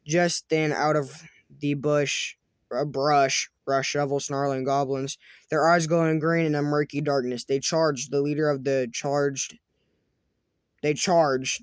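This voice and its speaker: In his let's-play, a man voices a text adventure with chatty commentary, stumbling, restarting, and leaning on fillers along the way. The fairly high-pitched voice has a clean tone and no echo.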